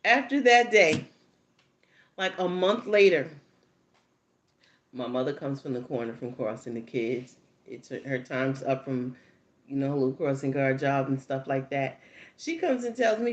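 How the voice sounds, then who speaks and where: A middle-aged woman hosting her own channel, telling a story in a casual, animated way, laughing often and acting out the people in it. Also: rumbling low, a little slow, long pauses, dull audio. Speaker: tarot channel host.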